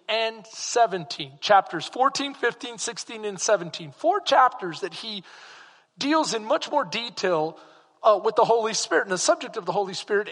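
Male pastor, high ringing voice, sermon in a reverberant church hall. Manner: animated preaching with rhetorical questions to the congregation.

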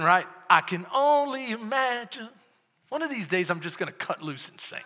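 A pastor with a Texan accent preaching a sermon, animated, swinging between hushed and loud and calling out to the congregation. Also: male voice, high-pitched, moderate pace. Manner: rhetorical calls to the congregation. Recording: echoey hall reverb.

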